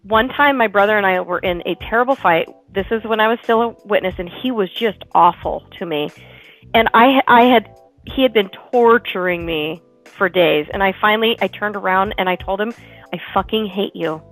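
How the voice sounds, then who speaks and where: A woman's voice: mid-range voice, moderate pace, fairly bright tone, faint music behind, rough recording. A woman co-hosting a podcast, chatting casually and laughing often as she tells stories. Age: adult with a school-age son. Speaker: podcast co-host. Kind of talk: casual chat.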